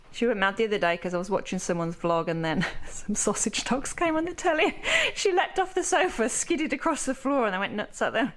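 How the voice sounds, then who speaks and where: Lively chatty woman vlogger. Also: on the high side, fairly quick, hardly any pauses. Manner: chatty, coos playfully at pets. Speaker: vlogger and pet sitter. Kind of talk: casual vlog chat.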